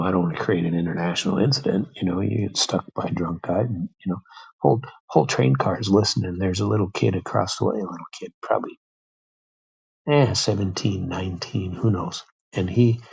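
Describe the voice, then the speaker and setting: A man's voice: low voice, creaky, a little mellow, breathy edge, rough recording. An American man hosting a show, telling a story in a casual, rambling way with many fillers and restarts. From United States. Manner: rambling, repeats words, frequent fillers. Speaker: podcast host.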